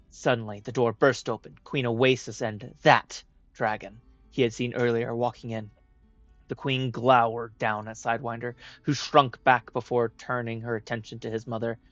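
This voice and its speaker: Male storyteller, steady read; dry, muffled mic, soft music bed. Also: medium pitch, moderate pace, no room sound. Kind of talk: reading a fan story aloud. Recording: dry, dull lo-fi with faint music.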